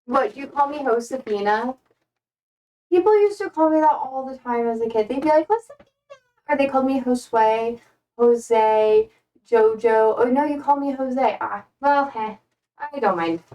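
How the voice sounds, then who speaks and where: A young American woman streamer chats casually while repotting plants, sounding playful and self-deprecating. Her voice sits high, with a warm tone and moderate pace, and she's slightly distant from the mic.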